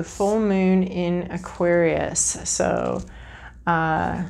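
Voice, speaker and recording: A woman's voice: on the low side, fairly even intonation, takes it slowly, gravelly. A woman reading tarot cards to camera in a casual, frank, chatty way, thinking aloud as she draws. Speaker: tarot reader.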